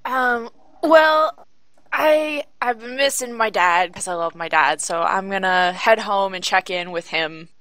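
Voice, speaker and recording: A woman's voice: on the low side, moderate pace, hardly any pauses, bright, forceful tone, no echo. A woman describing her character's actions as a player in a tabletop role-playing game, casual with hesitations.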